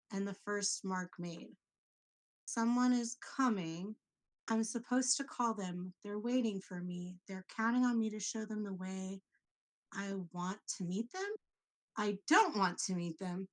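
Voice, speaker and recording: A woman's voice: medium pitch, close to an everyday voice. A woman voicing an anxious young man as she reads out his nightmare journal in an earnest, uneasy way. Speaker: player.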